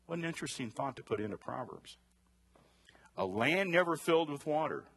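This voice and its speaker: A man's voice: a little high, lively intonation, a little fast, fairly bright tone, breathy edge. A man teaching a Bible study to a group in a chatty way, asking the class questions and drifting into side stories. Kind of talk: conversational Bible lesson to a group.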